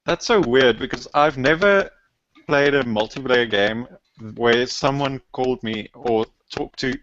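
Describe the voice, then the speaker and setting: A man on a gaming podcast who speaks in a measured, slightly hesitant way, with many fillers. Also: medium pitch, fairly bright tone. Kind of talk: opinionated podcast discussion. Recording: dull lo-fi podcast audio.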